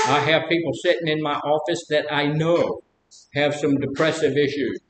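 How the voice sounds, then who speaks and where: A man's voice: steady tone, normal speed. A man leading a recovery group as counselor, talking casually, asking the group questions and telling personal stories with humor. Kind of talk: informal group talk on recovery. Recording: echoey room with faint rumble.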